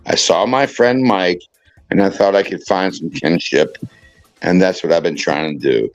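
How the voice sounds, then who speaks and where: A tipsy, tearful man pleading and apologizing in a halting, repetitive way on a livestream. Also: low-pitched, no echo, dull audio, faint music behind. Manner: halting, repeats himself, pleading. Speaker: livestream panel guest.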